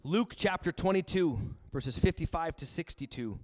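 A man's voice: on the high side, expressive, normal speed, dry recording, clean studio sound. A man preaching a sermon with casual, joking asides as he reads and explains scripture. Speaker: pastor.

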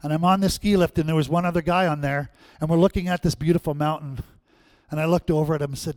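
A man preaching a sermon as pastor, calling out questions to the congregation and swinging between loud, emphatic lines and quiet asides. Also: on the high side, steady tone, quick pace, no echo. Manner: call-and-response, asking the congregation questions.

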